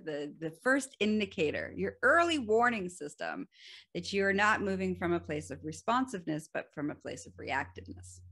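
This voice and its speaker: On her solo podcast, a woman with a low-pitched, fairly bright voice tells a casual everyday story. She chats easily, laughing often and using plenty of fillers.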